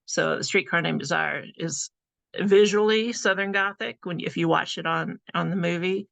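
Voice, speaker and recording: A woman with a very gravelly, fry-heavy voice that still sounds bright and forceful. She gives a relaxed, conversational presentation as an author, often pausing on little fillers. The recording is dry and close. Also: fairly low pitch, no room sound. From California. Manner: chatty, conversational, with frequent fillers. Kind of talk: casual presentation talk.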